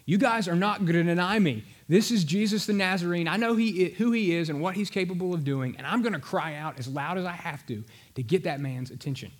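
A man's voice: sits high, brisk, hardly any pauses. A man voicing a desperate, persistent blind beggar who refuses to be silenced. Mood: defiant. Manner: insistent, defiant.

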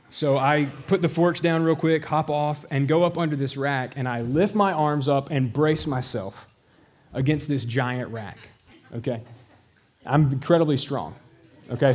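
A middle-aged pastor preaching a sermon, telling a story with emphasis and speaking directly to his congregation. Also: medium pitch. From American South.

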